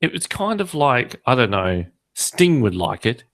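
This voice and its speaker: A man's voice: medium pitch, big pitch swings, a little slow, vocal fry, a bit bright. A man with an Australian accent hosting a podcast, joking and ranting in casual chat. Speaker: podcast host.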